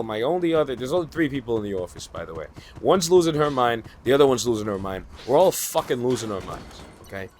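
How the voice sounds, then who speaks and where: A man's voice: mid-range voice, expressive, fast talker, few pauses. A man rants casually about his day in a mid-range voice, frustrated and rambling, dropping curses and starting sentences over. A faint hiss sits behind him. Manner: frustrated, profane, rambling with restarts. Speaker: new data entry worker. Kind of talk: casual venting monologue.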